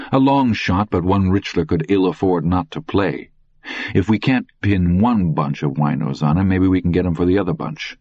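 Deep husky male audiobook narrator. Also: darkish tone, no room sound, muffled recording.

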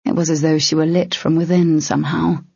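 A woman narrating a fantasy audiobook, with lively character voices. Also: deep voice, brisk, creaky, slightly rough, no room sound. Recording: dry, slightly dull close mic.

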